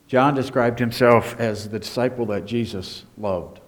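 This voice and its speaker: A man preaching a sermon as pastor, emphatic, swinging between hushed and raised delivery. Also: medium pitch, measured pace.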